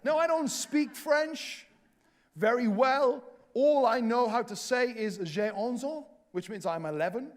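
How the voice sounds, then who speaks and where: A man preaching in a church, telling a self-mocking travel story with lively humor. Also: very high-pitched, measured pace. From Wales. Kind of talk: storytelling sermon. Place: church hall.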